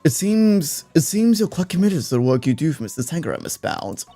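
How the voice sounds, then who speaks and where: A man's voice: a little high, sing-song, a little fast, mellow, faint music behind. A man reading a composed, formal prosecutor.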